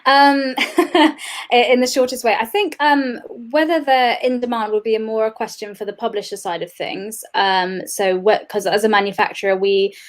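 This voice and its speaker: A woman's voice: a little high, fairly even intonation, normal speed. Chatty laughing woman guest. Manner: chatty, laughs often, many fillers. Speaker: guest, games industry administrator. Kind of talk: casual interview chat.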